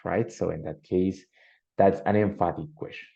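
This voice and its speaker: A man teaching English in an online class, speaking. His voice sits low with a gravelly edge. He moves between English and as he walks through examples, and the sound is dull and lo-fi. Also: moderate pace, dark tone. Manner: switches between English and Spanish, explaining with examples.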